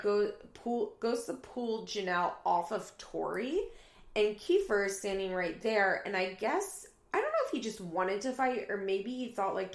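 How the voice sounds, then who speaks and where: Chatty woman with a gravelly voice. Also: mid-range voice, echoey room. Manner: animated retelling, acts out quoted lines with raised voice. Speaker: reality TV recapper. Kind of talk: casual recap commentary.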